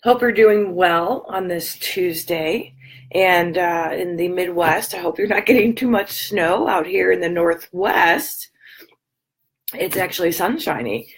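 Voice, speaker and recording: A woman speaks casually to her regular viewers in a fairly low voice. Her throat is scratchy and her voice is fading, so she stops to clear it now and then. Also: a little slow. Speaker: wellness talk host. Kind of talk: casual daily talk to viewers. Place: hotel room.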